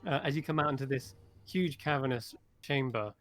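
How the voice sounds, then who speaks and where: A man's voice: mid-range voice, fairly quick, fairly bright tone, soft background music. Man running a tabletop game. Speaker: game master.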